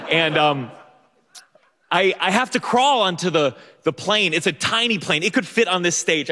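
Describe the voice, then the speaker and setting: A young man telling a story live on a theater stage, animated and self-mocking, sometimes bursting into shouts. His voice is bright and forceful and a little high. A long reverb from the hall trails each phrase.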